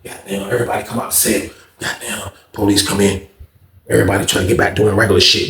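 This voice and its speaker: Fast and on the low side, this man tells a casual storytime monologue about his days in prison, raising his voice to act out quoted lines and swearing heavily throughout. The recording is reverberant with a faint hiss or hum.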